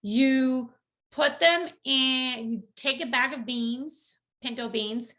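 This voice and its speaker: A woman's voice: high-pitched, slow pace, bright, forceful tone. A woman who speaks English as a second language, a mother and teacher giving parents casual, earnest reading tips in a vlog. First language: not English. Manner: earnest, encouraging, talks straight to parents; acts out quoted parents and teachers in a lifted voice.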